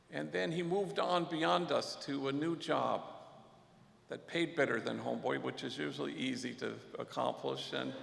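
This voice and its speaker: A man giving an unhurried, reflective storytelling speech at a luncheon, dropping in Spanish slang. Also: a little high, vocal fry, a bit bright. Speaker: guest speaker at a luncheon. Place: event hall. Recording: echoey hall with long reverb.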